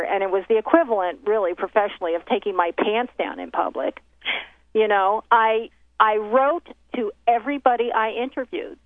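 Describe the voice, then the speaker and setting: A woman recounting a professional story in casual conversation, acting out the voices of the people she quotes. The sound comes through a thin, tinny phone line. The recording is dry, with no room echo. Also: mid-range voice. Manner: animated retelling with many quoted exchanges and restarts. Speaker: documentary filmmaker telling her story.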